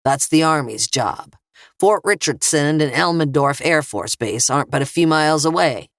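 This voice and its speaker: A woman's voice: sits low, lively intonation, normal speed, no echo, studio quality. A woman voicing a dismissive man refusing to help, in an audiobook.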